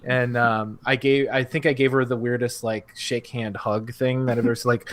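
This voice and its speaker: A man's voice: medium pitch, little pitch movement, normal speed, few pauses, a bit bright. A man co-hosting a fan podcast, telling rambling, self-mocking stories in casual chat. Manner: rambling storyteller, laughs at himself. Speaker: podcast co-host.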